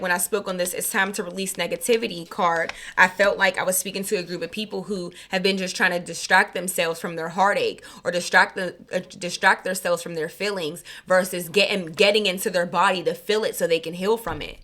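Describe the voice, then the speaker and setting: A woman giving a casual, slangy spiritual card reading, chatty and quick to laugh. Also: mid-range voice, a bit bright. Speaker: tarot reader.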